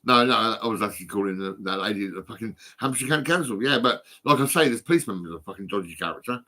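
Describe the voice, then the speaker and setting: A man with a stammering delivery, recording a rambling, expletive-laden solo rant on his phone. He drifts between low muttering and sudden angry outbursts. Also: lively intonation, quick pace, pushed and bright. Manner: heavy swearing, stammering repeats, swings from muttering to outbursts. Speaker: vlogger.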